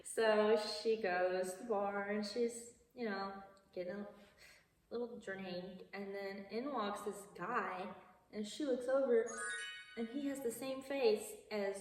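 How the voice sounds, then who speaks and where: A young woman casually retelling a film plot, chatty and amused, jumping into little voices for the characters. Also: slight background noise. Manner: chatty, amused, acts out quotes with lively pitch jumps. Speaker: vlogger. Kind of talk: casual movie recap storytelling. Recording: roomy, echoey, from a distance.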